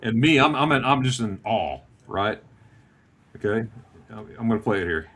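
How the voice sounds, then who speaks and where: A man's voice: normal speed, slight background noise. A man in his fifties telling a casual travel story on a video call, acting out the dialogue as he goes. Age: 50s. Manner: animated, acts out dialogue with lively pitch swings.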